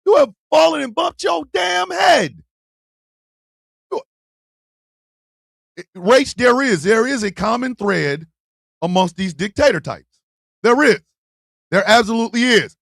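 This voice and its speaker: Loud profane male stream host. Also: very high voice, very animated, a little slow, gravelly, pauses often, no room sound, studio quality. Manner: loud, profane, shouting and laughing, swings from yelling to muttering. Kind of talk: profane live-stream rant.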